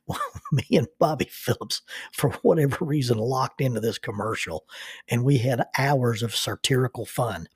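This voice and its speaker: Older guy telling stories on his podcast, husky, chuckles a lot, dry close sound. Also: medium pitch, a little mellow, dry recording. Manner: unhurried, chuckles while recalling. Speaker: podcast host and minister. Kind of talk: reflective personal storytelling.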